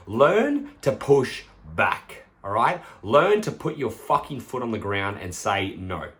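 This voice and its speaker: A young man talks straight into a podcast mic, giving blunt fitness advice in a fairly low voice. He swears casually and acts out what pushy friends would say. The tone is loose and conversational. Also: very animated, moderate pace, few pauses, a bit bright. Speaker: podcast host and personal trainer. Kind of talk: casual solo podcast monologue.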